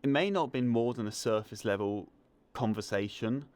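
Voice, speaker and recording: A man's voice: medium pitch, moderate pace, dry recording. A young man with a Southern English accent, a film student chatting as an interview guest and telling stories with enthusiasm. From England. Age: young adult. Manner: enthusiastic, animated storyteller. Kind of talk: casual interview chat.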